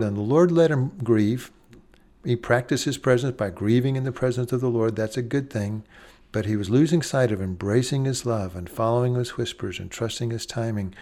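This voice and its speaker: A man preaching a sermon in an earnest way, slowing down and pausing, and dropping soft on key phrases. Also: fairly low pitch.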